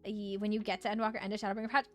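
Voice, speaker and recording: A woman's voice: mid-range voice, level tone, racing, soft background music. A young woman chatting casually on a live game stream, bubbly and giggly as she reads chat aloud.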